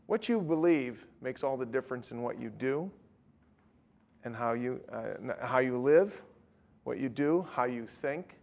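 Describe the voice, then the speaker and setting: Gravelly-voiced man preaching a story. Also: medium pitch, animated, unhurried, darkish tone. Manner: conversational storytelling, acting out both sides of a dialogue. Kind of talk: sermon with retold street-evangelism story.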